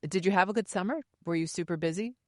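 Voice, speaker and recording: A woman's voice: lowish voice, fast talker, darkish tone, no room sound, clean studio sound. A woman from Staten Island with a New York accent, hosting a podcast interview in a chatty, enthusiastic manner. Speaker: podcast host. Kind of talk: casual interview chat. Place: recording studio.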